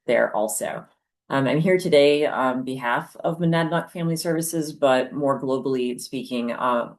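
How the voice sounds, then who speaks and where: A woman panelist with a gravelly voice, introducing herself graciously as a chief medical officer on a webinar. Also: a bass voice. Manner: gracious, gently enthusiastic.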